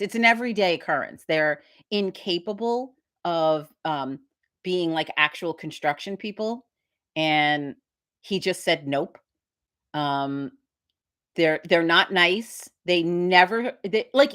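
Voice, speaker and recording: A woman's voice: fairly low pitch, expressive, measured pace, fairly bright tone. A middle-aged woman hosting a casual live stream, rambling and swearing as she tells a story with quoted voices. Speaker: host of a live witch community stream. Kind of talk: casual livestream chat.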